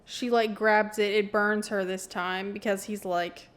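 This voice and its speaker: A woman's voice: medium pitch, level tone, unhurried. A woman reading passages from a novel aloud in a casual vlog, giggling often and adding blunt commentary that swears freely. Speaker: book vlogger.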